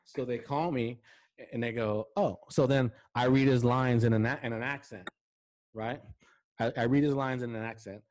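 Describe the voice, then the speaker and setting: A male talk show host telling lively anecdotes in casual interview chat, often checking in with "right?". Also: medium pitch, moderate pace.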